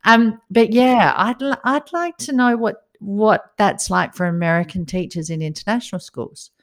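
A middle-aged woman hosting a podcast, telling stories in a lively way and laughing often. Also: mid-range voice, normal speed. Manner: lively, laughing, animated storyteller. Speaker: podcast host. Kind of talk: casual chat.

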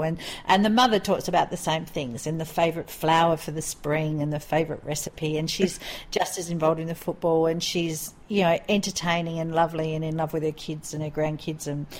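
A woman co-hosting a casual podcast chat, talking in an enthusiastic, chatty way with quick asides. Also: low-pitched. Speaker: podcast co-host. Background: call to prayer in the background.

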